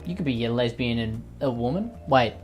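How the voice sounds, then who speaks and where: A sarcastic man delivers mocking comedy commentary, swearing freely between jokes. His pitch sits in the middle of the range. Faint music plays quietly behind him. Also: animated, fairly quick. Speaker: commentary YouTuber.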